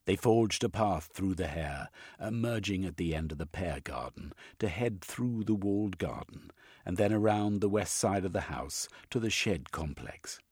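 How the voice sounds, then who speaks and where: A man narrating an audiobook with a husky voice. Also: deep voice, animated, moderate pace, darkish tone, dry recording, clean studio sound. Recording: faint music underneath.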